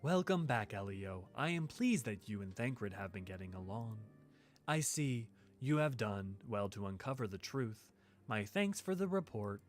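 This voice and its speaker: A man voicing a calm, solemn woman leader who speaks in a measured, formal way. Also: fairly low pitch, voice pushed down.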